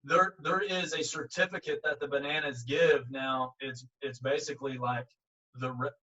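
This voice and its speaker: Man coach telling a story, bright punchy voice, lots of "like" and "you know", kinda far from the mic, dull audio. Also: medium pitch, moderate pace. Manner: animated, acts out quotes, frequent fillers. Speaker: baseball coach. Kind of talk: casual storytelling in an interview. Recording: muffled audio, speaker set back from the mic.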